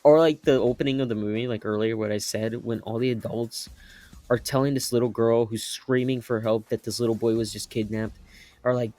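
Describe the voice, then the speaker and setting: A man's voice: medium pitch, fairly even intonation, brisk, a little mellow, dry recording. A young man giving an unscripted movie review, rambling and incredulous, laughing often and swearing casually.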